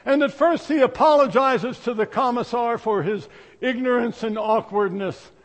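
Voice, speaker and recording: A male pastor preaching a sermon and telling a story, dropping to hushed asides and rising to loud emphasis. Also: extremely high pitch, normal speed, long reverb tail.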